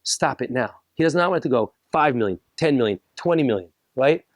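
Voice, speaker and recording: Fast-talking joking rabbi lecturing. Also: male voice, medium pitch. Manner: joking, animated, acts out little dialogues. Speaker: rabbi giving a talk. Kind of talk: humorous lecture to a live audience. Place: lecture room with audience.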